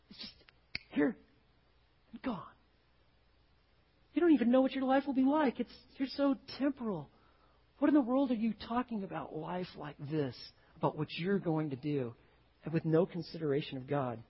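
A male pastor preaching a sermon, swinging from hushed lines to loud, acted-out quotes. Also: fairly high pitch, husky. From Texas. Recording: dull lo-fi recording.

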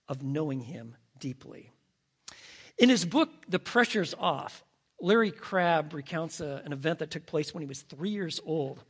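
Man preaching, hushed one second then loud, really expressive storytelling. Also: high voice, husky. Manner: animated storyteller, swinging between hushed and loud. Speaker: pastor. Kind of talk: sermon.

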